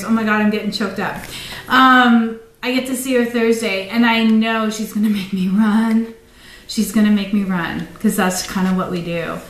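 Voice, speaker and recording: A woman's voice: mid-range voice, normal speed, a bit bright. A woman giving a casual, rambling pep talk on a phone livestream, drifting off on tangents. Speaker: running and fitness motivator. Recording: roomy sound from far off the mic.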